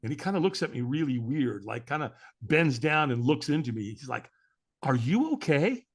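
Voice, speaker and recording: A man's voice: medium pitch, fairly quick. A middle-aged man, a podcast guest, telling a story with energy and acting out the voices of the people in it. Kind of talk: animated storytelling.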